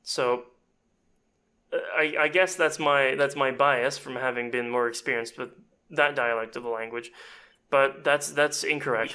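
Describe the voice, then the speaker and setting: A man giving a chatty, self-deprecating audio editing tutorial, explaining step by step as he clicks through software. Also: mid-range voice, steady tone, a little slow, clean tone. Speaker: voice actor and casting director.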